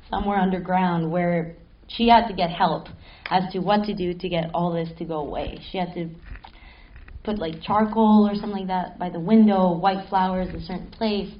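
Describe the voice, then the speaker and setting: On stage at a film festival panel, a woman from Mexico City tells a spooky story as a panel guest. Her voice is lowish and the recording muffled; she's animated, laughs and swears casually.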